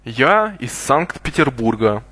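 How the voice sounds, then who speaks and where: A man's voice: mid-range voice, very animated, unhurried, bright, forceful tone, dry recording. Man carefully enunciating model phrases. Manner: clear careful enunciation for repetition. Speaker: native model speaker. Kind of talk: slow repeated model phrases.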